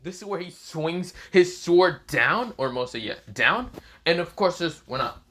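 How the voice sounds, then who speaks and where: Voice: mid-range voice, expressive, unhurried, a bit bright. Rambling, filler-heavy story narrator. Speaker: fan-fiction narrator. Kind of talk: casual story retelling.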